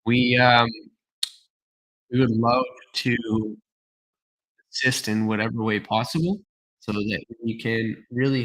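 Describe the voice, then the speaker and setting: A man's voice: mid-range voice, fairly bright tone, low-quality recording. A man hosting a design livestream, thinking aloud with many fillers, tired and slightly losing his voice. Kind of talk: casual livestream commentary.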